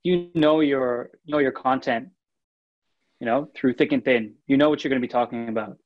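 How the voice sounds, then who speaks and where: Male podcast co-host, casual and animated, slightly dull lo-fi sound. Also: mid-range voice, moderate pace. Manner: animated, restarts phrases, reads listener comments.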